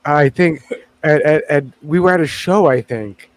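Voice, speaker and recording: A man's voice: on the high side, measured pace. A man co-hosting a casual podcast, chatting loosely, swearing casually and restarting his sentences. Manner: rambling, self-correcting, swears casually. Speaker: podcast co-host. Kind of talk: casual chat.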